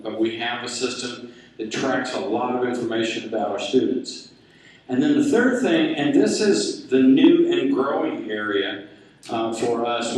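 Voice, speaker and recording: A man with a Texan accent gives a folksy, joking presentation about school technology to an audience. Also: medium pitch. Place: large echoey hall. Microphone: handheld mic after a distant start. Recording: echoey hall, distant mic.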